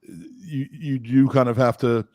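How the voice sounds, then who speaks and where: A middle-aged man co-hosting a podcast, chatting casually, animated and self-deprecating with stumbling restarts. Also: mid-range voice, slow pace, dry recording. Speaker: podcast co-host. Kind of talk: casual chat.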